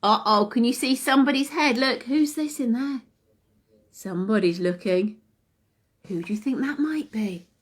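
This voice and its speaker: A woman leading a children's session, reading a picture book aloud in an animated, sing-song way and asking the children questions. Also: fairly high pitch, normal speed. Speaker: children's class leader. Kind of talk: reading a story to young children.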